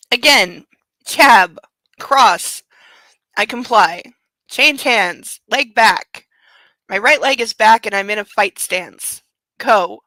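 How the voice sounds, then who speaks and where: Bright-voiced woman reading with sarcastic asides. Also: mid-range voice, slow pace, no room sound, rough recording. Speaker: book club host reading aloud. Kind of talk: comedic reading with commentary.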